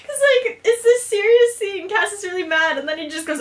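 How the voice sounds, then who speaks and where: Speaking a little fast with few pauses, this young woman has a very high, animated, fairly bright voice. In her chatty vlog she recaps a TV episode, leaning on "like" fillers and performing quotes with bubbly energy.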